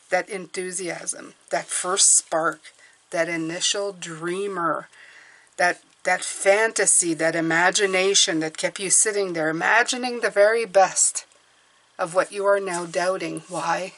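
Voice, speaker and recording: A tarot reader with a fairly low, steady voice and a fairly bright tone reads cards for her viewers at a slightly slow pace. She speaks earnestly and encouragingly, often checking in with "okay?"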